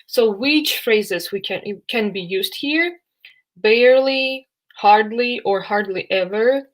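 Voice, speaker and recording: A woman's voice: mid-range voice, takes it slowly, rough recording. A woman teaching an online grammar lesson, speaking hesitantly with many fillers and restarts. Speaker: English teacher.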